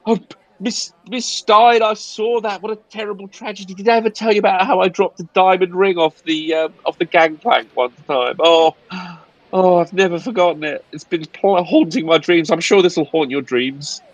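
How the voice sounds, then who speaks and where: A man's voice: high-pitched, normal speed, no room sound, muffled recording, a faint crowd, voice pushed up, natural voice. A man voicing Philpott, a fussy, fretful male cruise entertainment officer who rambles and apologizes. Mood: mournful.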